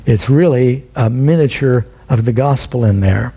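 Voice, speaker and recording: A man's voice: medium pitch, normal speed, husky. A man teaching a sermon verse by verse, in a conversational way, acting out the people he quotes. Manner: conversational Bible teaching with lively quoted voices. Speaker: preacher.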